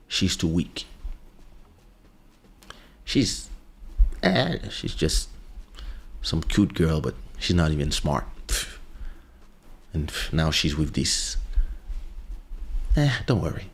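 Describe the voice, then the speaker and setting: A man's voice: very deep voice, takes it slowly, long pauses, breathy edge. A man hosting a podcast, telling a story in a casual monologue and acting out the voices of the people in it. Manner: animated storytelling, acts out quoted voices. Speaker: podcast host.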